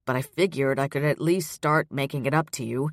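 A woman's voice: dry recording, studio quality. A woman voicing a subdued, remorseful man. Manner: quiet, halting, lowered voice.

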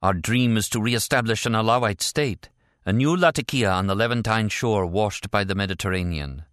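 A man's voice: on the low side, moderate pace, a bit bright, no echo, studio quality, lightly acted. Jamila, fierce proud woman agent voiced by a man. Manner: fierce, solemn and bitter.

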